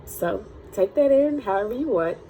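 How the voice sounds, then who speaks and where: A woman's voice: mid-range voice, lively intonation, normal speed, mellow, slight background noise. A young woman talking bluntly and with swearing in an emotional personal vlog, teary at times, about getting through hard times. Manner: blunt, profane, preachy, tearful at times. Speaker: crystal healing channel owner.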